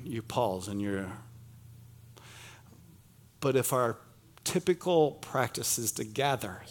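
A middle-aged man from Pennsylvania preaching a sermon in a church, chatty and self-deprecating, joking with the congregation. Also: mid-range voice. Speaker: pastor. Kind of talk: sermon with humorous asides. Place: church sanctuary.

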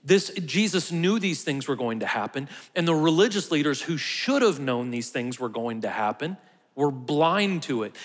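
A man's voice: a little high, expressive, moderate pace, in a large hall. A man preaching a conversational sermon, sometimes dropping to a near whisper for emphasis. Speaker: pastor.

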